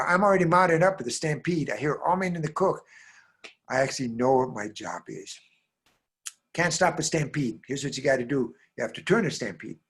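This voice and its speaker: A man from the American Southwest, a storyteller performing a tale aloud, speaking straight to his listeners and swinging from hushed lines to loud bursts. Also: a little high, breathy edge. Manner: talks straight to listeners with frequent "right?".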